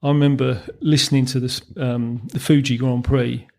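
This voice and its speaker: Man, fifties, gravelly voice, rambling anecdotes, chuckling, podcast guest. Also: mid-range voice, flat delivery, normal speed, a little mellow. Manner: anecdotal, chuckles through his stories, many ums and restarts. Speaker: guest, former racing mechanic. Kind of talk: storytelling in a podcast interview.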